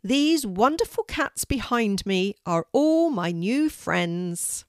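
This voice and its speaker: An older woman voicing a polite, gentle, regal pampered female house cat in a storybook reading. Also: mid-range voice, expressive, slow pace, no echo, studio quality. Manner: polite, gentle, well-spoken.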